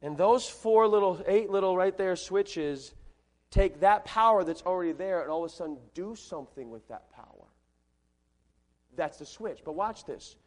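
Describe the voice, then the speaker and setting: High-voiced emphatic male preacher. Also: lively intonation, normal speed. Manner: emphatic, repeats phrases, swings between loud and soft. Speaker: pastor. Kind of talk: sermon. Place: large church hall.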